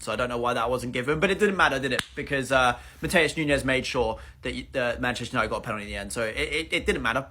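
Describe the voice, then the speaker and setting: A man's voice: medium pitch, sharp tone. A man ranting about his football team's loss in a fan reaction video, exasperated and blunt.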